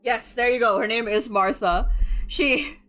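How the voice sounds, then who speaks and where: A woman's voice: fairly high pitch, fairly even intonation, a little slow, a bit bright, soft background music. A young woman from the Philippines hosting a book club, chatting casually and rambling with lots of filler words and giggles. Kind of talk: casual livestream chat.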